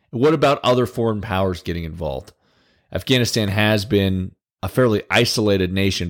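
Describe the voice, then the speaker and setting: A male political commentator talks through the news in a casual, conversational way. His voice is on the low side, and he drops in wry, sarcastic asides.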